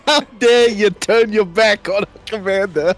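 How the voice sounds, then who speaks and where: A man voicing a stern, demanding commander in a live game dub, speaking in a slow, scolding way. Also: sits high, pitched above the performer's own voice. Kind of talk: amateur game voice-over read live on stream.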